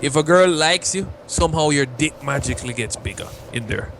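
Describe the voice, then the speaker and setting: A man's voice: a little high, animated, a little fast, fairly bright tone, slight background noise. A man in casual podcast banter, wry and teasing. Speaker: co-host or guest.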